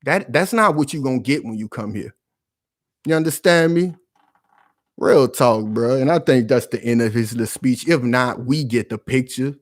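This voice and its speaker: Loud, confrontational male commentator. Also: mid-range voice, normal speed, no room sound, clean studio sound. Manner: rhetorical questions, slangy. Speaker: commentary channel host. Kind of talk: heated commentary.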